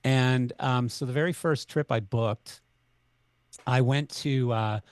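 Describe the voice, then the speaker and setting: Middle-aged Canadian man, animated podcast storyteller, dry close mic. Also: mid-range voice, slow pace, smooth, dry recording. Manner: animated, acts out both sides of dialogue. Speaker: podcast guest. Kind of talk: conversational storytelling.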